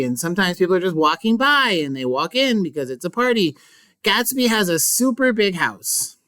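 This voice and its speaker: Casual recap teacher, smooth clear tone, loose chatty asides. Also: mid-range voice, big pitch swings, normal speed, a bit bright, dry recording. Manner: playful, mock-dramatic. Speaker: English teacher.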